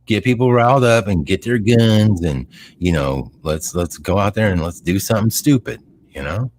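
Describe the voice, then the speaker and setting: A middle-aged man co-hosting a casual podcast chat, talking in a rambling, animated way with lots of fillers. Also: on the low side, moderate pace, a little hiss or hum. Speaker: podcast co-host.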